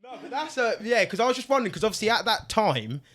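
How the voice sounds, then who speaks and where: A man's voice: sits high, quick pace. Chatty English podcast co-host, man. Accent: English, Luton. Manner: laughing, chatty questioning with a lively giggle. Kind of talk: casual chat.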